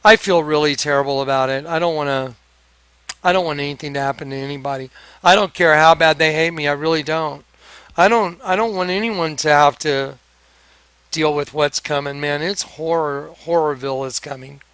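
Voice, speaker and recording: Excitable guy telling a story, high bright voice, acts out the dialogue, dry close mic. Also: normal speed, clean tone, no echo. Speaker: storyteller addressing viewers. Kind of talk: animated storytelling monologue.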